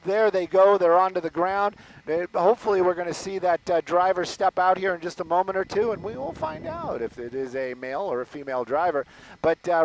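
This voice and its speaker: A man from the Los Angeles area, a news anchor giving chatty live commentary on a police chase, exclaiming and filling pauses with "uh". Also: high voice, low-quality recording. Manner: chatty, exclaiming, lots of fillers.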